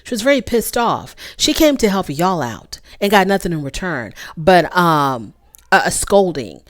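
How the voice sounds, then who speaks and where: A woman hosting her own channel and recapping a reality show in a casual, opinionated way. She is animated and repeats her points for emphasis. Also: fairly low pitch, normal speed, no echo, studio quality.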